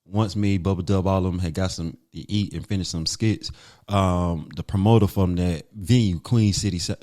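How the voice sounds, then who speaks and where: A man from North Carolina, a comedian guest telling a story in a casual, animated way and acting out what others said. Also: low voice, normal speed.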